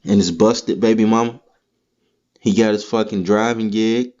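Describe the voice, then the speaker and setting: A man's voice: fairly low pitch, steady tone, moderate pace, darkish tone. A man hosting a podcast, delivering a heated, profane, rambling comedic rant. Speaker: podcast host. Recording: dull lo-fi recording.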